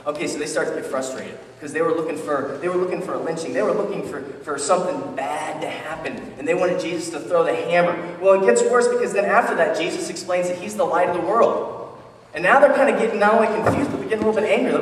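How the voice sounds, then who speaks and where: High-voiced pastor preaching in an echoey hall. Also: male voice, quick pace, slight background noise. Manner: conversational, animated preaching with frequent restarts. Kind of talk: sermon. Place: church sanctuary. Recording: echoey church hall, distant mic.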